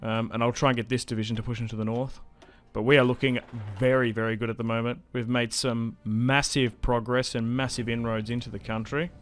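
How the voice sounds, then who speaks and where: A young man giving casual, chatty commentary while playing a strategy game, getting excited and laughing often. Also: mid-range voice, fairly quick, few pauses, soft background music. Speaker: gaming YouTuber.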